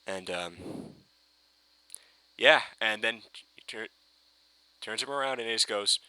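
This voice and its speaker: A man ranting giddily in a fan reaction video, swearing and breaking into excited shouts. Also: lowish voice, measured pace, no room sound. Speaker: fan reviewer.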